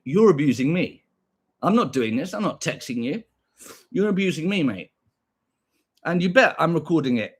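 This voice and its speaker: Husky British man, lively voice, profane, combative, streaming rant. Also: fairly high pitch, moderate pace, long pauses. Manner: combative, profane, repeats himself. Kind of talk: ranting reply to viewers.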